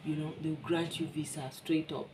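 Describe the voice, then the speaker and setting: A woman's voice: low-pitched, flat delivery, fairly quick, over music, rough recording. Blunt Kenyan woman vlogger. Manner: frank, blunt and emphatic. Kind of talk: casual opinion monologue.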